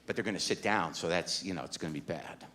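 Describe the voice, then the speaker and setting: A middle-aged man doing stand-up comedy, telling a story with incredulous, animated rants and rhetorical questions on a club stage. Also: low voice, fast talker. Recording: echoey club, loud audience noise.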